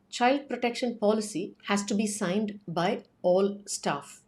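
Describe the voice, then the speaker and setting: A woman's voice: mid-range voice, darkish tone. A woman giving an earnest talk to parents about child safety, urging action through rhetorical questions. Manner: urgent, persuasive, posing questions.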